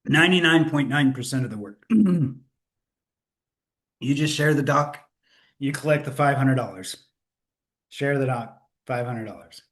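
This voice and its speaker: A man's voice: medium pitch, unhurried, long pauses, fairly bright tone. A man hosting a live sales webinar, upbeat and chatty, correcting himself and laughing at his own slip-ups, speaking into a computer mic. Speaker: webinar host.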